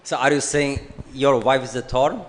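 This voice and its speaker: A man giving an unhurried, joking scripture class, acting out bits of family dialogue. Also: mid-range voice, fairly even intonation, slight background noise. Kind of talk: sermon. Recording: long hall reverb.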